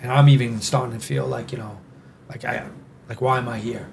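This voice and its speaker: A man with a New York accent speaks as a podcast guest at a middling pitch. He rambles and leans hard on his points, stacking up "you know" and "like" as he goes. A faint hiss sits under his voice. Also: fairly even intonation, fairly quick, creaky, a little mellow. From New York City. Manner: rambling and emphatic, with many "you know" and "like" fillers. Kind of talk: casual interview conversation.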